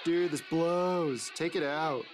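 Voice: mid-range voice, slow, close to an everyday voice. An actor voicing a bored young slacker guy in a cartoon clip, drawling and complaining. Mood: annoyed. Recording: clip with music behind.

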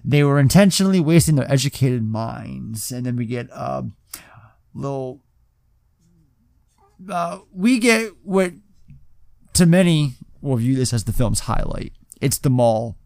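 Brief: male podcast co-host, casual profane movie talk, smooth voice, dry close mic. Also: mid-range voice, lively intonation, measured pace, pauses often, darkish tone, no echo. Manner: profane, loose, repeats words. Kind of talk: casual film discussion.

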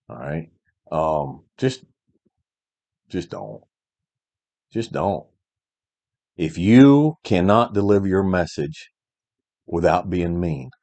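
Speaking to young men in a low, dark voice, a middle-aged podcast host gives emphatic motivational life advice. Key phrases get repeated, and he keeps checking in by asking "all right?".

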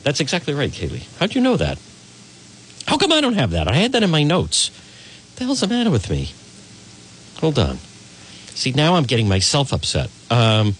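A man's voice: mid-range voice, a bit bright, a little hiss or hum. A man hosting a live call-in talk radio show, rambling and digressing as he chats.

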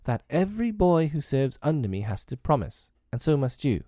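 A man's voice: fairly high pitch, sing-song, moderate pace, mellow, dry recording, studio quality, pitched above the performer's own voice. A man reading aloud, voicing a proud, commanding boy leader with a clipped, lofty manner.

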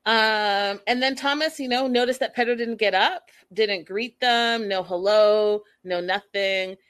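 A woman hosting a casual recap of a reality show, gossipy and animated, laughing at the scenes she retells. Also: mid-range voice, measured pace, smooth. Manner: animated, gossipy, laughs at her own quotes. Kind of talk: casual chat.

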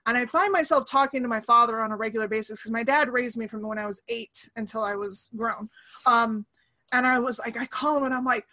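A woman in her thirties hosting a casual conversation over a remote call, animated and acting out the voices she quotes. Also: a little high, a little fast.

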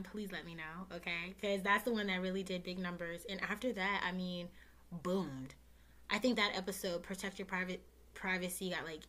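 Young woman podcast host, casual and heartfelt, near tears, talks right to her listeners. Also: lowish voice. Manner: emotional, close to tears, talks warmly and directly to listeners with many fillers.

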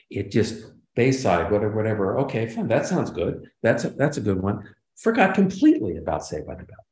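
Deep-voiced older man telling lively stories. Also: a little fast. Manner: animated, acts out quoted lines. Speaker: guest, sitcom writer and producer. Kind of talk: casual interview storytelling. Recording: roomy echo.

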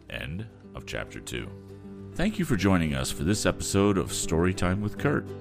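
A man hosting a podcast, reading a storybook aloud in an expressive manner with small slips. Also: sits low, normal speed, creaky, soft background music. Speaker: podcast host and story reader.

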